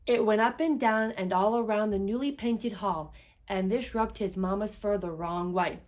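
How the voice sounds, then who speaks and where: A woman reading a children's picture book aloud in an expressive, lively storytelling manner. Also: mid-range voice, normal speed.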